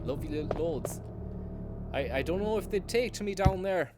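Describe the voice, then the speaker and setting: A man's voice: sits high, moderate pace, poor audio. A man streaming a game, joking, swearing and talking to his chat. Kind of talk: casual live-stream commentary. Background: loud music.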